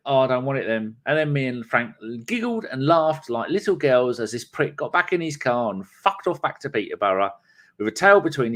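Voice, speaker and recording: Man, podcast co-host, sweary ranting anecdotes, mid-pitched everyday voice. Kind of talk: casual podcast storytelling.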